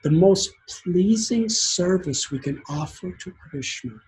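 Male preacher, slightly high voice, very slow, earnest storytelling sermon. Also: expressive, darkish tone, breathy edge, poor audio. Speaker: spiritual teacher.

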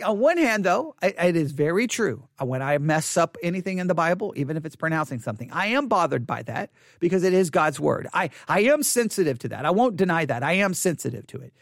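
A man's voice: sits high, dry recording, clean studio sound. A man preaching as a pastor, speaking candidly and self-deprecatingly, often repeating phrases for emphasis. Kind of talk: sermon podcast.

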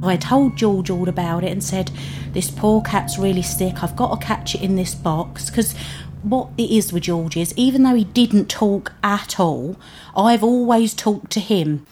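A woman's voice: mid-range voice, a little slow, darkish tone. A British mother telling her own story in a plain-spoken, earnest and emotional way. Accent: British English. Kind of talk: first-person storytelling. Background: music underneath.

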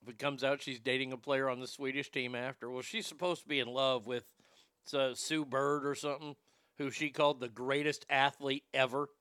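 A man's voice: medium pitch, steady tone, normal speed, fairly bright tone, smooth, dry recording, studio quality. A man hosting a talk show, brash and profane, riffing on clips and reading chat, often stammering into restarts. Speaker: show host. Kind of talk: casual commentary reading chat.

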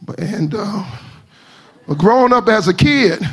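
Very high-voiced shouting preacher man. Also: expressive, unhurried, slightly rough. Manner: shouting, half-sung preaching with rising pitch. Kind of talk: sermon.

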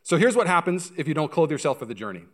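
A pastor preaching a sermon, telling stories with energy and speaking straight to the congregation. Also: male voice, on the high side, fast talker. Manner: animated storytelling, acts out voices, addresses congregation directly.

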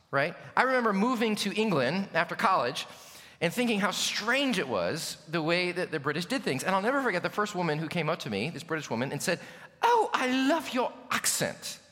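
American male pastor, earnest emphatic sermon, bright higher voice, reverberant church hall. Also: expressive, brisk. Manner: earnest, emphatic preaching with rhetorical questions.

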